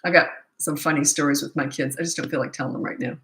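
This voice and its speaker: A middle-aged woman coaching parents in a live question-and-answer chat, blunt and matter-of-fact, with quick asides. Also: low-pitched, fairly even intonation, fairly bright tone, reverberant, low-quality recording.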